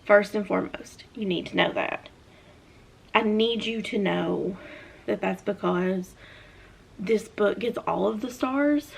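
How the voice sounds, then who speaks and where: Young Southern woman, casual book chatter, gravelly edge, mid pitch. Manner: chatty, animated hand talker with many fillers. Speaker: book reviewer. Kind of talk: casual chat.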